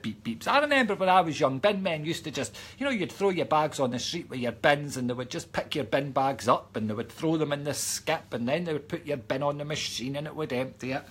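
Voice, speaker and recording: A Scottish man with a husky, mid-pitched voice chats through a live stream and reads out viewers' messages. He drifts into joking rants and drops to a playful whisper now and then. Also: fairly bright tone. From Scotland. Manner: chatty, ranting and joking, drops into mock whispers. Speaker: psychic medium reading live chat comments. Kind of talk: casual live-stream chat.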